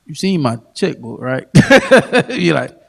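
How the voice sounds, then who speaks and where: A man's voice: fairly high pitch, sing-song, takes it slowly, creaky, husky. A man on a podcast talking in a laid-back, reflective way and laughing as he tells of hard times. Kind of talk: casual chat.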